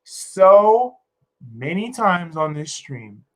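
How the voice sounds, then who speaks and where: A woman's voice: fairly low pitch, animated, very slow, rough recording. A woman streamer ranting to her chat in an exasperated, profane way, repeating herself for emphasis. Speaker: wrestling streamer. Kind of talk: livestream rant to chat.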